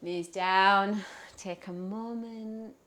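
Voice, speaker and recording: Yoga teacher, woman, smooth clear voice, calm upbeat pose-and-breath cues. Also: medium pitch, very slow. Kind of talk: guided yoga class instruction.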